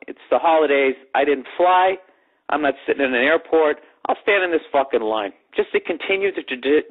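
A man telling a profane comic story on his podcast, ranting and sarcastic, mimicking other people's voices. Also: medium pitch. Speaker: comedy podcast host. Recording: tinny lo-fi podcast audio.

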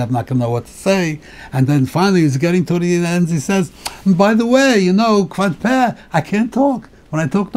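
Questioning rabbi, slightly high, mellow voice. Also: male voice. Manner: questioning, repeats and restarts words. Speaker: rabbi teaching. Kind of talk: Torah class lecture.

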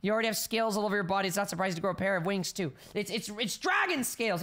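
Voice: mid-range voice, animated, rapid-fire, hardly any pauses, fairly bright tone. A gameplay streamer reading the game's text aloud between melodramatic, playful outbursts and comic panicked repeats. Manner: repeats lines in comedic panic. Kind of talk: let's play, reading game text aloud with reactions.

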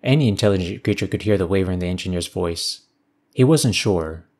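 A man narrating a science fiction story in a measured, even storytelling manner. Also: deep voice.

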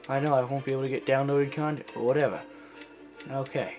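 A man's voice: medium pitch, fairly even intonation, fast talker, a little mellow, faint music behind. Rambling, playful gameplay commentator, a man. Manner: rambling, playful, jokes around in put-on accents. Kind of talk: casual let's-play commentary.

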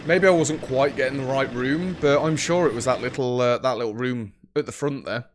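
A man's voice: medium pitch, fairly quick, a little hiss or hum. Nervous, chatty man gaming. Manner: nervous, jokey running commentary, taunting the ghost. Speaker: gaming streamer. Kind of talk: solo horror game commentary.

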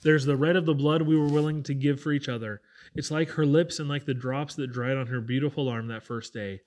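A man's voice: mid-range voice, steady tone, fairly quick, a little mellow, lightly acted. A man reading an audiobook, voicing an earnest, devoted young Irish orphan in a tender, heartfelt way with a light Irish accent. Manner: tender, heartfelt, plainly spoken.

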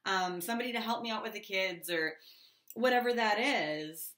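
A chatty woman giving a casual tarot reading, with a bright, forward voice. She talks loosely and fills her sentences with "um" and "like," and the sound is echoey. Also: mid-range voice, normal speed. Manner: chatty, loose, many fillers and asides. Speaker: tarot reader. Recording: echoey room.

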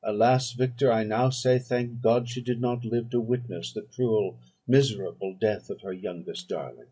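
A man reading a classic novel aloud as audiobook narration, in a measured, solemn manner. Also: lowish voice, dark tone, slightly rough. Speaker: audiobook reader.

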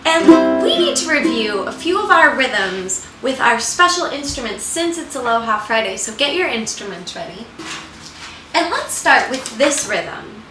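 A high-voiced woman leads a children's music lesson at home, speaking slowly and patiently to young listeners. She is caught from a distance in a roomy space, with ukulele music behind her. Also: very animated. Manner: bright, patient, addresses young children directly. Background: ukulele playing.

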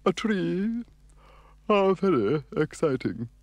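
A man's voice: high voice, very animated, slow pace, darkish tone, no echo, highs cut off, voice pushed up, full character voice. A man voicing a prim, fussy male creature for a storybook record, in an affected, posh manner.

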